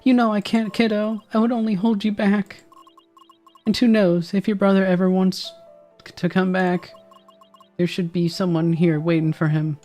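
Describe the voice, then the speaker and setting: A man voicing a kindly old grandmother with a tender, gentle manner while playing through a game. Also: sits high, flat delivery, normal speed, faint music behind, pitched above the performer's own voice, lightly acted. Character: kindly old grandmother who raises the hero.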